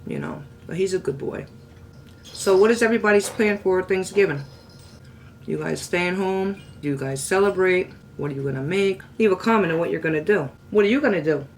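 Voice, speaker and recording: Middle-aged woman, chatty vlog host, coos at her pet, faint background hum. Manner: chatty, talks to her parrot in a high sweet voice. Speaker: cooking channel host. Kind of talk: casual chat to camera.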